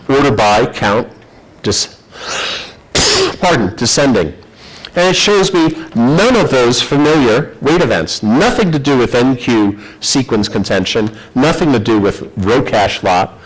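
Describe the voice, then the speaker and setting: Lively man giving a tech talk. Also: mid-range voice, slightly rough, rough recording. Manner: animated storytelling, acts out quoted voices; self-deprecating, chatty. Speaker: conference presenter. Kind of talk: technical presentation.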